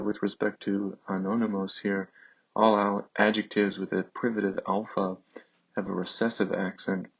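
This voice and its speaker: A man teaching a classics lesson, speaking slowly and haltingly over on-screen text, with many fillers. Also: fairly low pitch, creaky, husky, highs cut off.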